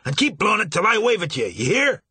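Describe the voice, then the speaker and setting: A man voicing a gruff, blustering older steamboat captain who talks loud and blunt in a folksy drawl, with a husky voice. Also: medium pitch, a little fast, dry recording, heavily acted. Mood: shouting.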